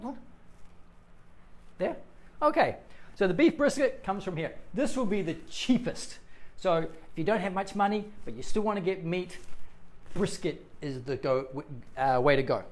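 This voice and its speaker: A man's voice: high voice, sing-song, moderate pace. A man in his forties from New Zealand, with a New Zealand accent, giving a casual livestreamed English lesson and reading out viewer comments. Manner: chatty, reads out viewer comments. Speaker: English teacher.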